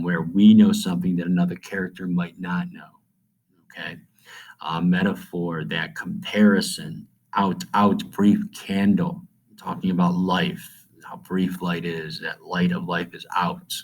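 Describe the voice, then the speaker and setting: A man with a notably low voice walks students through a review lesson. He talks in a plain, conversational way, stopping often with "um" and "okay?" to check they follow. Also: rough recording. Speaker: teacher.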